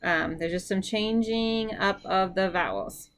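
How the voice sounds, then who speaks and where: An upbeat woman teaches a recorded language lesson at a medium pitch. She is encouraging and thinks aloud with fillers as she explains. She leads drills for the listener to repeat. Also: measured pace. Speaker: Greek teacher.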